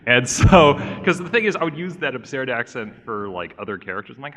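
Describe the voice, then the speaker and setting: A man on a convention panel chatting casually and animatedly, laughing and slipping into quick funny voices. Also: medium pitch, animated, a bit bright. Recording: long reverb of a convention hall.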